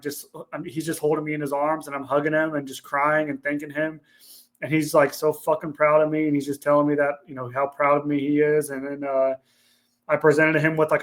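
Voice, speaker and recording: A man's voice: a little high, a bit bright. A man from Ohio, a veteran guest on a podcast, telling his personal story in a candid, earnest way and swearing casually. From Ohio, USA.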